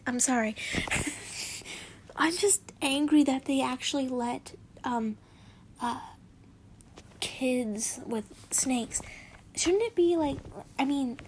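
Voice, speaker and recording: High-voiced woman reading fanfiction aloud. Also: takes it slowly, pauses often, slight background noise. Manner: giggly, chatty, keeps breaking off to comment. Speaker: fanfiction reader.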